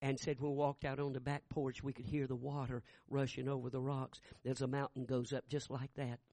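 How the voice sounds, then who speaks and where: A man in his sixties preaching a sermon, telling a family story in a folksy, halting way that builds into fervent preaching. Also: medium pitch, darkish tone, no echo.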